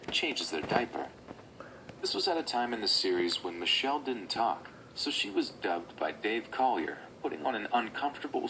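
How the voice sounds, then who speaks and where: Brief: male narrator, low and animated, scripted recap read, noisy home mic. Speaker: video narrator.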